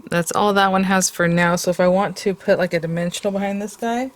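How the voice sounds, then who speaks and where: A woman's voice: mid-range voice, fairly even intonation, fairly quick. A woman hosting a card-making tutorial, chatty and rambling, with many fillers and self-corrections. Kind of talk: casual crafting tutorial.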